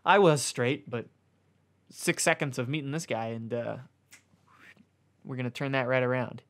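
A man reading a comic erotic novella aloud, mostly deadpan but stopping for amused asides and corrections. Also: mid-range voice, normal speed. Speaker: reader.

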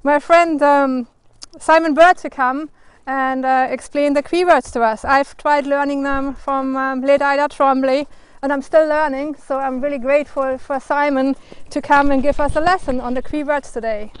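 A woman from Germany with a German accent, reading her picture book aloud in a gentle, careful way, trying out Cree words. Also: high-pitched, fairly even intonation, moderate pace. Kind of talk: storybook reading.

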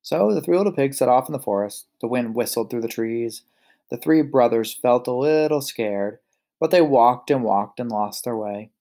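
Gravelly man reading a picture book aloud. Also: mid-range voice, normal speed. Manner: relaxed, chatty asides. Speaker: storyteller.

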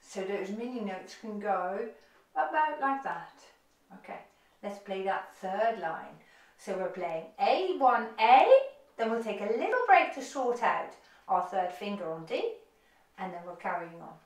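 A woman's voice: mid-range voice, big pitch swings, unhurried, distant mic. A woman teaching a violin lesson, giving upbeat, encouraging instructions. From United Kingdom. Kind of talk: online music lesson. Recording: roomy echo, off-mic, violin playing.

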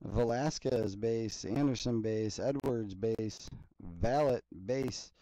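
A man hosting a card break, reading player names in a steady list between casual chatty asides. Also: mid-range voice, slow, no echo, poor audio. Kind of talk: casual running commentary while opening card packs.

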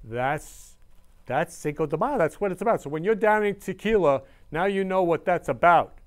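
A man's voice: high-pitched, expressive, moderate pace. Gushing emotional male show host. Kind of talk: casual live-stream talk.

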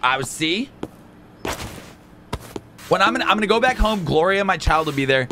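A man hosting a let's play, joking and excitable, swinging from mumbles to shouts. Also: high-pitched, normal speed, noisy background. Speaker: gaming channel host.

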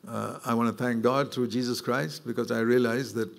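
A man's voice: medium pitch, a little slow, gravelly, pauses often. A man preaching a sermon, earnest and reflective, with bursts of emphatic, rising delivery. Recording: long hall reverb.

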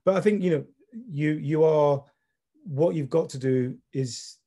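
Man, middle-aged, dark mellow tone, reflective, soft-spoken, panel talk over video call. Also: on the high side, measured pace, husky. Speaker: panel speaker, gallery director. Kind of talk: online panel discussion.

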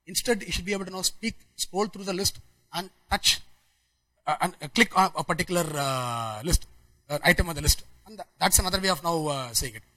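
A man giving a technical conference talk, talking quickly with frequent restarts and fillers. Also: sits high, bright, forceful tone, rough recording. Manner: rapid, many restarts and fillers. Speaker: conference speaker.

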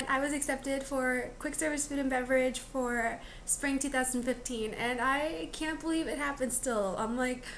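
A woman in her twenties with a high, fairly bright voice talks at a normal speed with fairly even intonation in a casual confessional vlog from her bedroom. She's chatty and rambling, using lots of fillers, and there's slight background noise.

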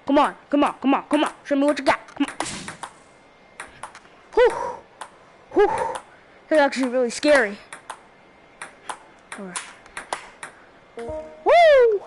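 Excitable young-sounding woman gamer. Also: high-pitched, slow, long pauses, slight background noise. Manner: excitable, trash-talking, frequent exclamations. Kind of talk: casual gameplay commentary.

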